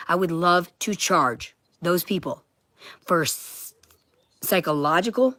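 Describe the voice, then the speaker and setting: Low-voiced woman in a profane rant. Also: takes it slowly, dry recording, clean studio sound. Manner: heated, profane, bursts into shouting. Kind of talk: ranting monologue to camera.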